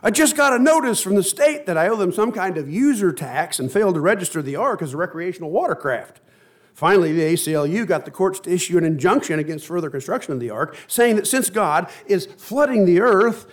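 A man's voice: high-pitched, animated, fast, voice pushed up. A man reading a story aloud, voicing a harried modern man listing his troubles in exasperation. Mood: exasperated. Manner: exasperated, rattling off complaints.

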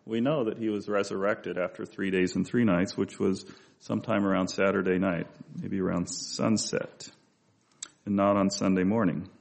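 A man's voice: sits low, fairly even intonation, normal speed, creaky. A man preaching a conversational Bible-study sermon, with asides and restarts as he talks.

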